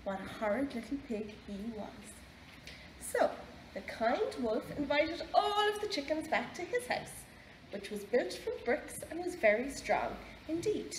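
Irish woman, library storytime reader, slow and animated, roomy echo, faint hiss. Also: high-pitched. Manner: slow, expressive, lively storytelling. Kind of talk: reading a picture book aloud to children. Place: library room. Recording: echoey library room, faint background noise.

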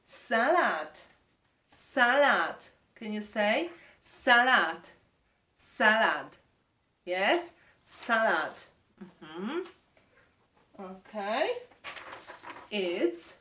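A woman with a Polish accent teaching English words to young children, slowly drilling each word and prompting them to repeat. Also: fairly high pitch, big pitch swings, sharp tone, echoey room, far from the mic.

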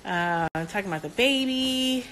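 A woman's voice: fairly high pitch, expressive, moderate pace, a bit bright, slight background noise. A woman chatting on a livestream from home while soothing her teething baby, cooing and baby-talking between answers. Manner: playful, coos and baby-talks to her fussy infant. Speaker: mother doing a livestream. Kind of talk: casual livestream chat.

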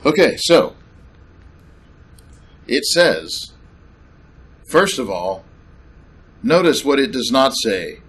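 A man's voice: mid-range voice, very animated, very slow, pauses often, a bit bright, slightly rough. A man preaching a sermon, emphatic and sarcastic, repeating points with questions to the congregation. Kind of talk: sermon with slides.

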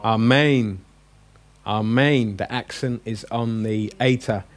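A man's voice: medium pitch, expressive, moderate pace. A man teaching a classroom language lesson, joking and coaxing his students with questions.

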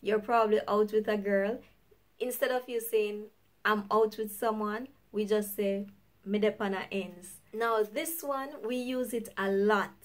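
A woman with a Jamaican accent, hosting her own vlog in an upbeat, chatty way and laughing often. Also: mid-range voice. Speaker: YouTuber host. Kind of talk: casual vlog chat.

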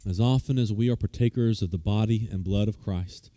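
Mellow-voiced pastor preaching a casual sermon. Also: male voice, lowish voice, fairly quick, no room sound. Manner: informal, with frequent restarts and fillers; grows lively and loud when retelling a story. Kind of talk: conversational sermon. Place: church service.

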